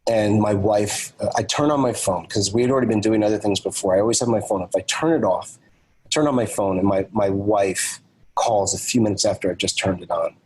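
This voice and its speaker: A man's voice: fairly low pitch, fairly quick, slightly rough, rough recording. A man, a podcast guest and author, telling a personal story and acting out the dialogue of the people in it. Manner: animated storyteller, acts out quoted dialogue.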